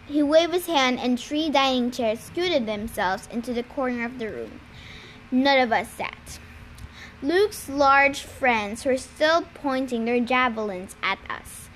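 A woman with a high voice reading a novel aloud in a plain, amateur way, now and then tripping over a word and fixing it. A faint hiss of noise sits under the home recording. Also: takes it slowly, a bit bright. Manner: amateur reading with small stumbles and self-corrections. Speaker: reader.

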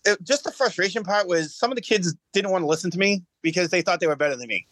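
This high, fast, slightly bright male voice is captured in a dry recording. He's a bowling champion guesting on a laid-back podcast, earnestly relating his story while often restarting and doubling back on words.

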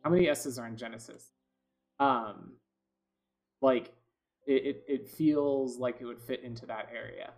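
A man's voice: mid-range voice, measured pace, vocal fry, pauses often, a little mellow, faint music behind. A man giving casual gameplay commentary, rambling with lots of fillers and restarts, often frustrated. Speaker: gaming video host.

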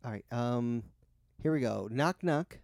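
A man co-hosting a casual podcast, playful and teasing, quick to laugh at his own jokes. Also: mid-range voice, expressive, creaky, darkish tone, no echo, clean studio sound. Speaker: podcast co-host. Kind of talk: casual joking chat.

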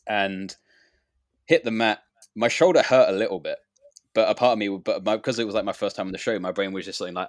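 A man's voice: on the low side, fairly bright tone, dry recording, studio quality. A man who wrestles, telling a story in a rambling casual chat with many fillers and restarts.

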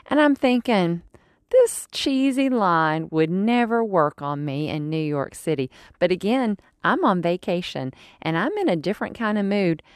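A woman in her forties hosting a podcast, telling a personal story in a chatty, animated way with fillers and restarts. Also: on the low side, clean tone, no echo, studio quality. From United States. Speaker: podcast host. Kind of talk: casual storytelling monologue.

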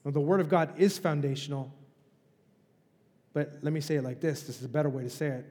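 A man's voice: a little high, brisk, pauses often, mellow, in a large hall. A male pastor preaching a sermon in a conversational, emphatic way, with rhetorical questions. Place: church.

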